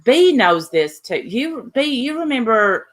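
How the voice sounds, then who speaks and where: A woman's voice: a little high, very animated, a little slow, a little hiss or hum. A woman hosting a casual livestream, rambling and trailing off mid-sentence as she chats with her co-host.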